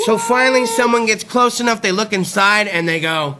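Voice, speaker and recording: A man hosting a comedy talk show, telling profane stories in an animated way and acting out the characters himself. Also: high voice, a little fast, hardly any pauses, a little hiss or hum. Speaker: host.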